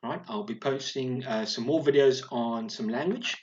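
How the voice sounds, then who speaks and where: A man's voice: mid-range voice, normal speed, slight background noise. Guy teacher walking kids thru punctuation, patient, keeps saying all right, bit dull audio. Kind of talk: explaining a grammar lesson.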